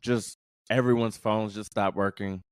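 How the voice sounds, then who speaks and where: A man's voice: fairly low pitch, steady tone, a little slow, clear, resonant tone, no echo, studio quality. A man co-hosting a podcast, musing reflectively in casual chat and repeating words for emphasis. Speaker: podcast co-host.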